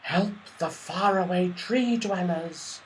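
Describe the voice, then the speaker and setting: Male reader voicing the whispering trees of a storybook wood, hushed and airy. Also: high voice, slow pace, voice pushed up. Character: whispering ancient forest trees.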